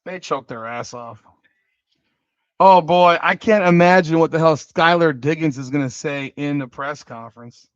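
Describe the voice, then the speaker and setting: A man's voice: on the high side, normal speed, clear, resonant tone, dry recording, dull audio. A man hosting a live stream, reacting to a game with frequent exclamations and curses, repeating rhetorical questions to his chat. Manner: excitable, exclaims and curses at plays. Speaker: livestream host.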